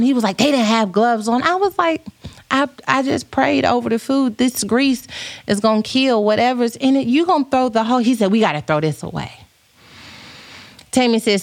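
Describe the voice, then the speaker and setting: A woman's voice: mid-range voice, no echo. A woman hosting a podcast, telling a story in a playful, dramatic casual chat and reading viewer comments aloud. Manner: animated, playful, dramatic retelling.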